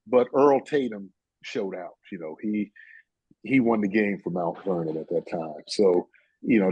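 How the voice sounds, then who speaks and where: Husky older man spinning long stories. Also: medium pitch, darkish tone, dry recording, dull audio. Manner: rambling, full of "you know" and "uh". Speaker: guest. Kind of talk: casual storytelling chat.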